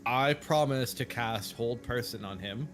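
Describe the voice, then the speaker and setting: A man's voice: mid-range voice, measured pace, fairly bright tone. A man playing a tabletop game, casual and giggly. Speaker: player. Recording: music in background.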